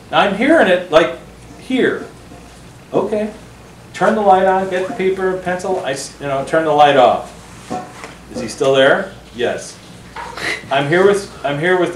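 A man, an author speaking to a book club, telling earnest stories with animated delivery and acting out the voices he quotes. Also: on the high side, slight background noise. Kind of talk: storytelling talk to a small audience. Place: book club meeting room. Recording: roomy, distant mic.

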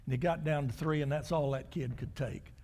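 An older male pastor preaching a sermon, telling stories and moving between loud, raised lines and quiet, hushed ones. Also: a little high, fairly even intonation, brisk, big-room sound. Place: church sanctuary.

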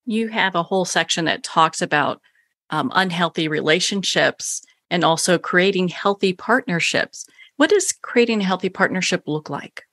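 A woman hosting an interview, putting measured questions to her guest. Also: lowish voice, expressive, a bit bright, no echo, studio quality. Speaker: host.

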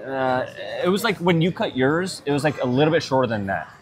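A man's voice: mid-range voice, expressive, a little fast, a crowd in the background. A young man chatting casually in a pub on a live stream, joking and swearing a lot. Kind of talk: casual chat. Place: Irish pub.

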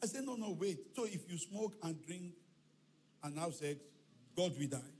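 Male pastor, sermon, high voice, animated storyteller, church hall, faint background noise. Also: normal speed. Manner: animated storytelling preacher, acts out dialogue, shouts and chants.

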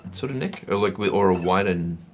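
A man's voice: low-pitched, a little fast. A man with an Australian accent chatting casually about guitars in a music store, joking and offhand. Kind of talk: casual product chat.

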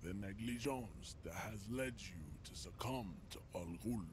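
A man's voice: lowish voice, measured pace, background noise, close to an everyday voice. An actor playing a huge, arrogant male bouncer who lectures with contempt, speaking with a German accent. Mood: pompous contempt. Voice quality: pompous, lecturing.

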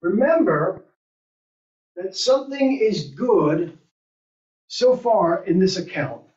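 Slow and expressive, a woman with a mid-range, slightly mellow voice guides an adult Sunday school group in a church classroom. She poses questions and reasons aloud, and the audio is roomy, distant and dull.

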